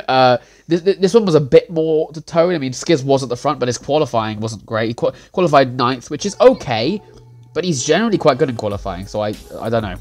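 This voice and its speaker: A man's voice: mid-range voice, animated, brisk, darkish tone. A young man recapping a sim racing league round in a casual, rambling way, full of fillers, self-corrections and little chuckles. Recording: faint music behind.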